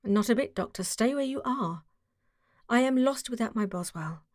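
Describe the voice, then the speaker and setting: Give me a cool, dry male detective, as read by a woman, brisk and sure of himself. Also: on the high side, lively intonation, no echo, voice pushed up, natural voice. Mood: brisk, amused. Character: sharp, dry, self-assured male detective.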